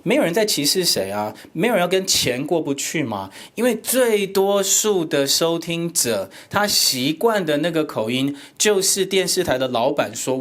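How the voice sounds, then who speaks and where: A man's voice: a little high, very animated, normal speed, hardly any pauses, a bit bright. A man presenting a teacher workshop, explaining animatedly and switching between Mandarin and English. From Taiwan. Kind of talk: bilingual lecture and discussion.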